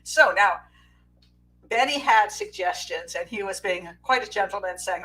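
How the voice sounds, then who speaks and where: A woman's voice: mid-range voice, unhurried, pushed and bright, low-quality recording. A middle-aged woman, a criminal profiler, hosting a casual live call-in show, rambling and breaking into giggles as she corrects herself. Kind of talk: casual live-stream chat.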